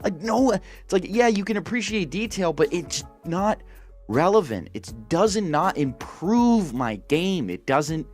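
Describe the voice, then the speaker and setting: A man's voice: high voice, big pitch swings, a little slow, a little mellow, soft background music. A man hosting a gaming channel, ranting casually and profanely, exasperated and full of restarts.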